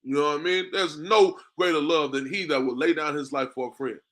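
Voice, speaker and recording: A man preaching on scripture, tagging lines with "man" and slowing to a drawn-out cadence when he reads verses. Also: fairly high pitch, fairly bright tone. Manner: conversational, repeats "man" and "you know what I mean". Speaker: street preacher. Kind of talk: street-corner preaching with scripture reading.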